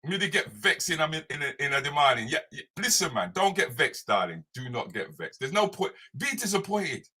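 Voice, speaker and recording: Man, live show host, lively swinging pitch, bright. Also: a little fast, hardly any pauses, husky. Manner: animated, playful, repetitive banter. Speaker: comedian hosting a live morning show. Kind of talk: live morning chat show, reading viewer comments.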